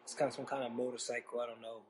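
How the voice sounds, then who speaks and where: A podcast host talks very fast into a podcast microphone in a medium-pitched voice with little pitch movement, against a noisy background. On his storytelling podcast he rambles conversationally and throws in sarcastic asides.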